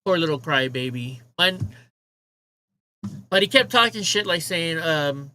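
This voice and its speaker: A man's voice: on the high side, expressive, normal speed, long pauses, bright, forceful tone, rough recording. A man hosting a casual livestream, ranting with profanity and mocking remarks while he talks to his chat. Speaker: livestream host.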